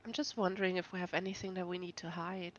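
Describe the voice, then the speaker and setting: A woman playing in a tabletop game, talking quickly and giggling. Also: lowish voice, fairly even intonation, dull audio. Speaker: player. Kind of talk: casual tabletop play.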